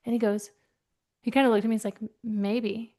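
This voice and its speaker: Lively woman telling workplace stories. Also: on the high side, fast talker. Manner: lively, acts out voices in her anecdotes. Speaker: guest, keynote speaker. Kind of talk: animated storytelling in conversation.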